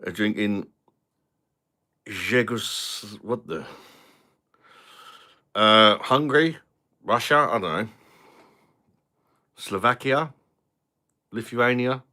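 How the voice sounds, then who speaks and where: Chatty deep-voiced British man streaming. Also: takes it slowly, long pauses, pushed and bright. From London. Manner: chatty, swears, reads out viewer comments. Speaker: beer review channel host. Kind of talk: casual live-stream chat.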